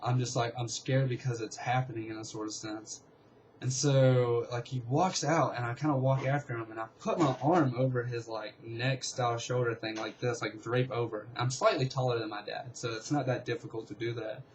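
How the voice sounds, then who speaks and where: A young man casually telling a long story, rambling and excitable, with lots of fillers. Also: mid-range voice, normal speed, a little hiss or hum, poor audio. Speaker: vlogger.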